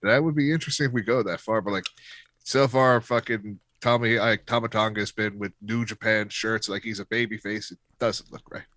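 Lower-voiced matter-of-fact man. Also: fairly even intonation, brisk, fairly bright tone, no echo. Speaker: podcast co-host. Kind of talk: casual chat.

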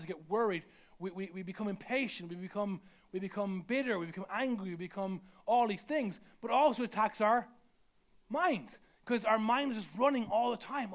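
A man preaches a sermon. He talks in a loose, conversational way, doubling back on his words and stacking phrase after phrase for emphasis. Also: high voice. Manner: conversational, repeats words, builds with rising emphasis. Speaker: pastor.

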